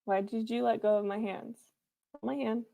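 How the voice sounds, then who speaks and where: Woman host, higher voice, home livestream, earnest repeated affirmations, playful. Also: little pitch movement, moderate pace, creaky, mellow. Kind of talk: encouraging pep talk to viewers.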